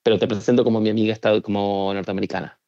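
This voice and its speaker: A man's voice: on the low side, little pitch movement, dark tone, no room sound, highs cut off. A man from Argentina with a Rioplatense Spanish accent, chatting casually with many fillers and restarts. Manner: halting, full of fillers and restarts. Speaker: interviewee, narrator's childhood friend. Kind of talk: casual conversation.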